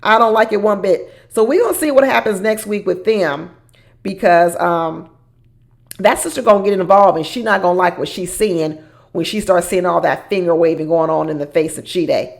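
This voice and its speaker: Gravelly woman recapping reality TV. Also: fairly low pitch, moderate pace. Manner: animated, dramatic, laughs while talking. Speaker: reality TV commentator. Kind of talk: casual recap commentary.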